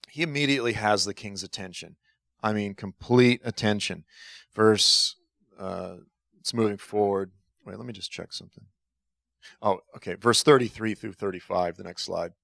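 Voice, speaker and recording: A middle-aged man delivers a conversational sermon, telling stories animatedly, acting out the dialogue, and laughing at himself. His voice is lowish with vocal fry, a little fast, recorded in clean studio sound without echo.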